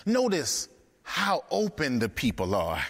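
A man's voice: medium pitch, wildly swooping pitch, takes it slowly, a bit bright, husky, big-room sound. A man preaching a sermon, emphatic and rhythmic, repeating phrases for effect.

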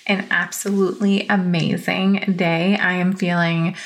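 A woman's voice: on the low side, little pitch movement, a little slow. A woman hosting a motivational podcast, talking in an upbeat, encouraging pep-talk manner with casual swearing. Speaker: podcast host and business coach.

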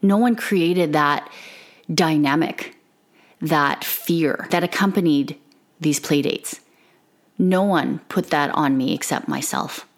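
A woman's voice: low-pitched, takes it slowly. A middle-aged woman giving an earnest, emotional, candid monologue to other mothers about her parenting. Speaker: parenting podcaster. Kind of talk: confessional monologue.

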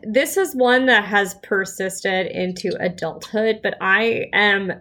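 A woman's voice: medium pitch, sharp tone. A young woman co-hosting a podcast, chatting casually and restarting her sentences as she talks about her fears. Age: young adult. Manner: chatty, halting restarts when describing fears. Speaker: podcast co-host. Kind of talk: casual chat.

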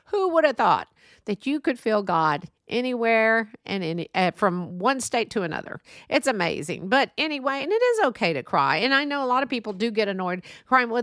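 A woman's voice: medium pitch, a bit bright, no echo, studio quality. A middle-aged woman hosting a solo podcast, talking earnestly and rambling off on tangents, then apologizing and coming back. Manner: earnest, many fillers and restarts. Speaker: podcast host. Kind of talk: casual solo monologue.

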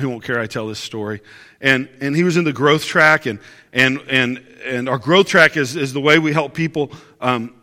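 Bright-voiced pastor preaching in a hall. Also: male voice, on the high side. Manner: conversational storytelling with rhetorical questions. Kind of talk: sermon. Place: church service.

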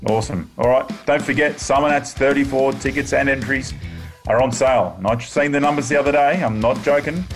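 Laid-back Australian podcast host. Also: male voice, mid-range voice, a little fast, faint music behind. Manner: laid-back, matey, upbeat. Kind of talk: casual podcast chat.

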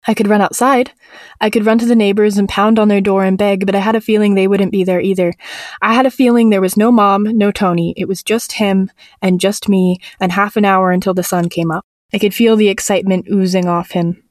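A woman tells a first-person horror story at a medium pitch, measured and tense. Her voice is close and dry, with no room sound around it. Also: steady tone, darkish tone, dry recording. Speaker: narrator.

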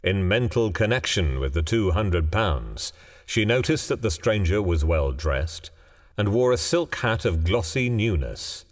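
Deep-voiced man telling a ghost story. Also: big pitch swings. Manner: measured, dramatic storytelling. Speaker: narrator. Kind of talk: scripted ghost story narration. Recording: long hall reverb, faint music.

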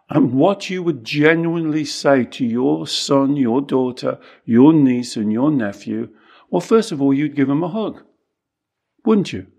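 A man's voice: medium pitch, unhurried, gravelly. A man, a therapist, talking animatedly and growing emphatic as he coaches listeners. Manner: animated, rising to emphatic exhortation. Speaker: therapist and podcast co-host. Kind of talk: conversational coaching talk.

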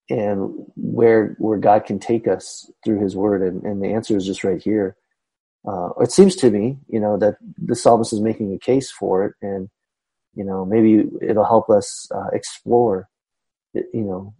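Man, low mellow voice, husky, halting with fillers, casual Bible study talk. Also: rough recording. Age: adult. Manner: halting, full of fillers and restarts. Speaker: Bible study discussion leader.

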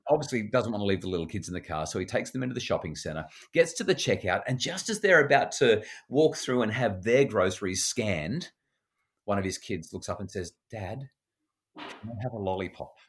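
A middle-aged Australian man with a somewhat low voice tells stories about parenting in easy conversation. He slips into the voices of the people he quotes and often repeats a word or two before a sentence gets going. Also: brisk. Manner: animated, acts out quoted voices, repeats words when starting sentences. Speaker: parenting educator. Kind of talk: conversational storytelling.

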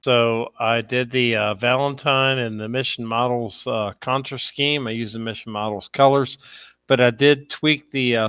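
Clear-voiced tipsy man. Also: medium pitch, a bit bright, no room sound, studio quality. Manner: affectionate, tipsy. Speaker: guest host. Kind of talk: casual chat.

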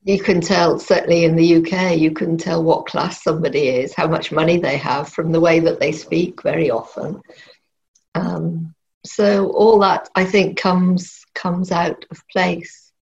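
A woman's voice: lowish voice, fairly even intonation, vocal fry, darkish tone, highs cut off. A middle-aged woman, a novelist, answering interview questions thoughtfully with frequent restarts. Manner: thoughtful, halting, many restarts.

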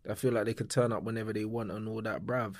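A man's voice: on the low side, level tone, quick pace, a little mellow, no room sound, clean studio sound. A young man with a London accent chatting casually on a podcast, dropping lots of slang as he talks about his club. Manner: laid-back London slang, says "blood" and "bruv" often. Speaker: podcast guest, club owner.

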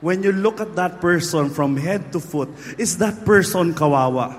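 A husky-voiced man with a Filipino accent preaching a live sermon, bantering playfully with his congregation. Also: a little high, moderate pace. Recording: echoey hall.

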